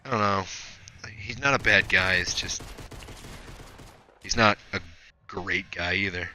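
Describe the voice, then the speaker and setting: A man's voice: low voice, unhurried, pushed and bright, a little hiss or hum. A young man streaming a shooter game, telling a long story in a loose, profane way between plays. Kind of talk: rambling story told while gaming.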